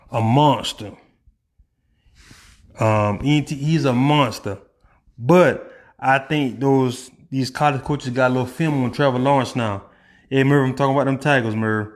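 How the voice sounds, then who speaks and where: A man giving an opinionated, animated sports rant as a vlogger, shifting between rapid bursts and drawn-out emphasis. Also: medium pitch.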